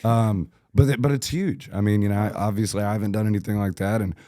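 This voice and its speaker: A young man from Arkansas hosting a podcast, chatting casually and teasing his guests with quick jokes. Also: lowish voice, steady tone, dark tone, no echo, studio quality. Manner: joking, teasing, quick asides. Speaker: podcast host. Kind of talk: casual interview chat.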